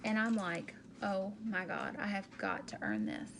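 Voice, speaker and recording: Woman sales director for a personal vlog: slow, emotional, candid, repeats herself. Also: medium pitch, very animated, a bit bright, a little hiss or hum.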